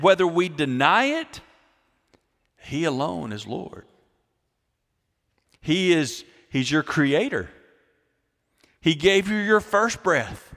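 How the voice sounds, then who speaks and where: A male pastor preaching a sermon, repeating key phrases and swinging between loud, emphatic lines and quiet ones. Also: high-pitched. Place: church sanctuary. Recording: long hall reverb.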